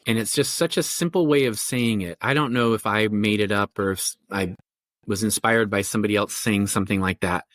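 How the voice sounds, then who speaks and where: A man's voice: on the low side, fairly quick, fairly bright tone, no echo, studio quality. A middle-aged man, a family therapist, explaining his ideas in a podcast interview with thoughtful, rambling speech full of fillers and restarts. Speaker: family therapist and parenting coach.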